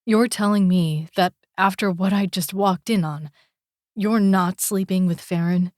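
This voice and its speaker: A woman's voice: mid-range voice, steady tone, a little slow, a little mellow, no echo, clean studio sound, close to an everyday voice. A woman voicing a jealous, possessive young man in an audiobook, throwing crude, cutting accusations. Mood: jealous, harsh. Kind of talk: audiobook character voice.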